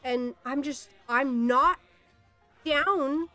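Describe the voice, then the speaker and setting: A woman's voice: high voice, extremely slow, pushed and bright, faint music behind. A young woman in a casual, exasperated ranting monologue, swearing often and laughing in disbelief. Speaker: streamer.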